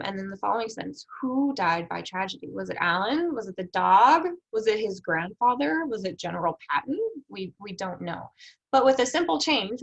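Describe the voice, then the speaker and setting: A woman's voice: medium pitch, vocal fry, a bit bright, low-quality recording. A woman giving a recorded lecture on editing proposals, explaining step by step with rhetorical questions and frequent fillers. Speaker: research development instructor.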